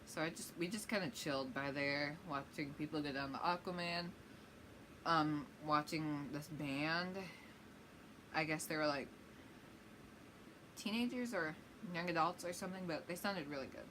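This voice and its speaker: A woman's voice: low voice, normal speed, long pauses, background noise. A woman vlogger telling a rambling, chatty story-time tale.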